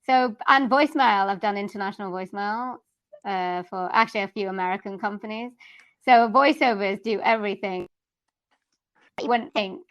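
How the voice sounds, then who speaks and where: A woman's voice: mid-range voice, moderate pace, fairly bright tone. A woman with a Welsh accent, a voiceover artist from South Wales, chatting casually as a podcast guest with lots of ums and likes.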